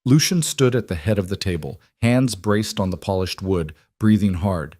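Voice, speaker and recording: Male narrator, steady scripted delivery, low and dry. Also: normal speed, no room sound.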